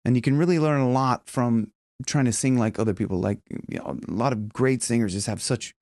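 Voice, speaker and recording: A vocal coach with a mid-range, slightly mellow voice explains singing technique loosely, demonstrating as he goes, with halting restarts and breathy gasps between points. The recording is dry and studio quality.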